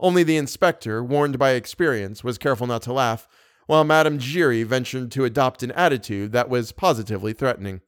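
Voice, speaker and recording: A man reads a classic novel aloud in a lively, animated way, his pitch sitting in a middle range. The recording is dry and close, with no room sound. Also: a little fast, clean tone, no room sound. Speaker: audiobook reader. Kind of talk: audiobook narration.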